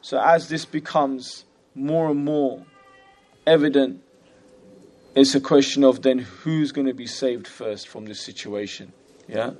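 In a medium-pitched voice with a darkish tone, a man leads a conversational class on a classical religious text. He keeps asking "you know?" and "right?" and recites the Arabic passages at speed.

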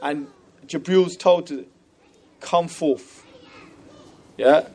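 A man teaching a class on a classical religious text, talking conversationally, often asking "you know?" and "right?" and reciting Arabic passages quickly. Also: on the high side, mellow, slightly rough.

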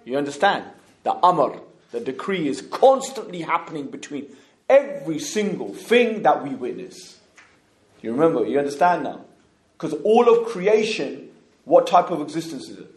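His voice runs a little high, swinging widely in pitch at a moderate pace. He leads an informal religious lesson conversationally, repeatedly checking understanding through tag questions. The recording has an echoey room sound.

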